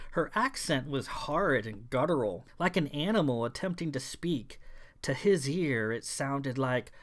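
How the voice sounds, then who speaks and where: A man's voice: medium pitch, animated, unhurried. Man reading a science fiction novel aloud. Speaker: author and narrator. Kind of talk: audiobook narration.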